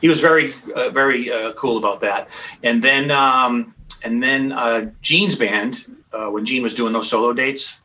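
Man, bright, chatty storyteller, restarts often, faint background noise. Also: medium pitch, steady tone, a little slow, poor audio. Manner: rambling storyteller with many restarts. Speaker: band founder guest. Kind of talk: casual podcast chat.

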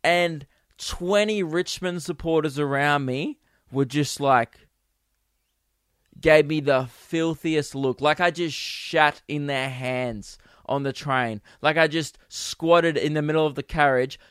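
A young Australian man, a comedian hosting his podcast, telling a rambling story in a crude, self-amused way with bursts of loudness. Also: on the high side, clean tone, dry recording, studio quality. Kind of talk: casual storytelling monologue.

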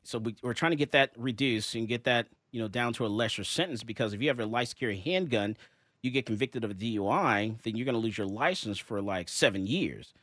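This fast-talking man with a mid-range voice hosts a laid-back talk radio show, telling lively stories, performing the quotes and laughing often. He also instructs for handgun licenses, and the recording is dry and clean, from a studio.

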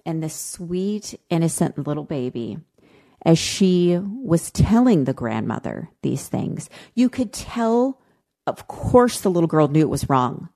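A woman co-hosting a parenting podcast, telling a disturbing story in casual chat with deep emotion. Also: very animated, a little slow, dark tone. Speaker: podcast co-host.

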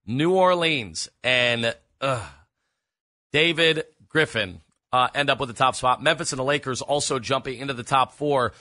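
Guy hosting sports radio, wry jokey banter, bright crisp voice. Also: mid-range voice, moderate pace, no echo, studio quality. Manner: wry, joking, asks rambling questions. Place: radio studio.

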